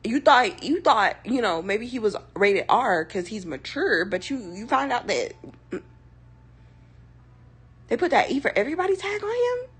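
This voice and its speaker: A young woman streamer chatting casually, with sassy, slangy, rambling commentary in a breathy, husky voice. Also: a little high, very animated, moderate pace, long pauses, a bit bright. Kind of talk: casual chat.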